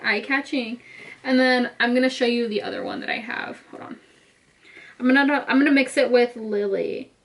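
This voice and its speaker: A woman's voice: on the high side, rough recording. A young woman vlogger chatting casually as she talks viewers through her makeup step by step. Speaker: beauty vlogger. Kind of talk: casual makeup tutorial talk.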